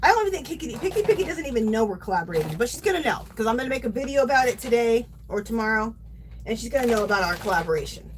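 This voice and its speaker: A woman's voice: on the high side, very animated, racing, a little hiss or hum, rough recording. A middle-aged woman hosting a yarn craft livestream, gushing and chatting casually to her viewers.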